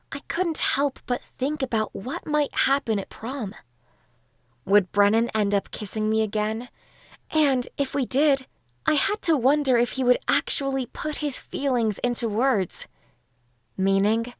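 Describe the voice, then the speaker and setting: Slow, calm woman narrating an audiobook. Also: fairly high pitch, dry recording, clean studio sound. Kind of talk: first-person audiobook narration.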